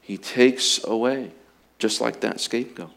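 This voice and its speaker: A man preaching a sermon in an earnest way, slowing and rising for emphasis, then dropping low and quiet. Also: gravelly. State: emotional, fighting to get through.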